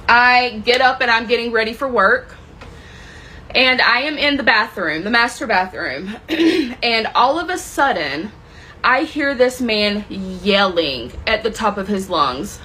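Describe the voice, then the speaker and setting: In an expressive, slow delivery, a woman recounts a dramatic personal story to camera, swearing a lot and sounding intense and emotional. Her voice runs high and sharp, and the low-quality recording carries slight hiss or hum.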